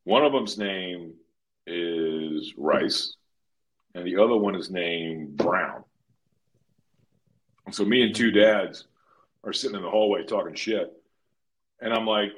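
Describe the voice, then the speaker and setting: A man co-hosting a podcast, telling stories in a loud, profane, animated way. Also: sits low, moderate pace. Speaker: podcast co-host. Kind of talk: casual podcast banter.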